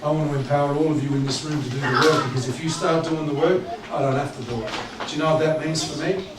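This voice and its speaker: A man preaching a sermon as pastor, conversational and joking, swinging between loud preaching and low asides. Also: quick pace, very noisy. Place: church hall. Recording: echoey church hall, distant mic, congregation audible. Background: congregation.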